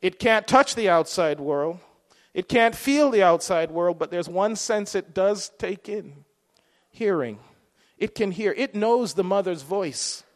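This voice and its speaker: High-voiced man preaching in a reverberant hall. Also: expressive, a little slow. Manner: conversational preaching, rhetorical questions. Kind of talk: sermon.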